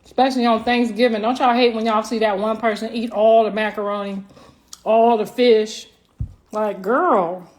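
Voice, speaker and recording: A woman hosting a casual livestream, telling loud, laughing, slangy stories. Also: fairly high pitch, fairly even intonation, moderate pace, slight background noise. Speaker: livestream host. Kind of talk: casual live-stream chat.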